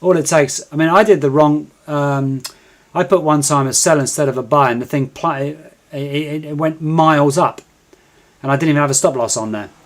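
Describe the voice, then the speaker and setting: A man's voice: fairly high pitch, normal speed. A man hosting a live trading stream, chatting casually and coaxing viewers to join in.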